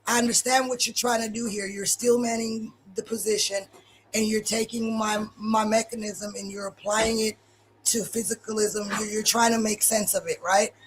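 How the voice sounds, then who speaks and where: A woman's voice: fairly high pitch, steady tone, moderate pace, noisy background. Blunt woman in a debate. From Germany. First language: German. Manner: blunt, swears casually. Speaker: debate panelist. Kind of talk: live debate.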